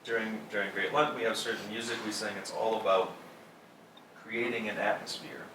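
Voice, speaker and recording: Guy with a lowish voice teaching readers casually, keeps asking "right?", sounds far off in an echoey hall. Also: little pitch movement, fairly quick, background noise. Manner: conversational, often ends points with "right?". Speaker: workshop instructor for church readers. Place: church hall. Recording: echoey room, mic from a distance.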